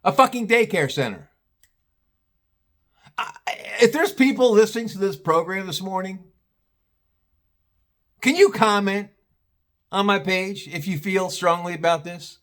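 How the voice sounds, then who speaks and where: A man's voice: high voice, unhurried, pauses often, fairly bright tone. A man telling an exasperated, profane story as a vlogger, with sarcastic asides.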